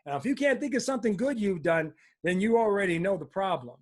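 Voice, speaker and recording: A man giving an energetic motivational talk as a coach, getting fired up and often checking in with "right?". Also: high-pitched, quick pace.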